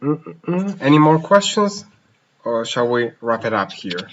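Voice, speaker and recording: A man's voice: medium pitch, sing-song, slow pace. A man hosting a casual live question-and-answer stream as a language teacher, reading viewer questions and hopping between languages. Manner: switches languages mid-sentence, reads questions aloud. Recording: slightly dull lo-fi stream audio.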